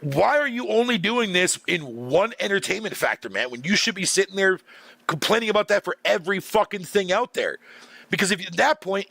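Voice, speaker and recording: Middle-aged male streamer, profane exasperated rant, bright tense tone, dry close sound. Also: sits high, creaky, no room sound. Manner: profane, exasperated, laughs often, filler-heavy. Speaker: gaming streamer. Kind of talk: ranting casual commentary.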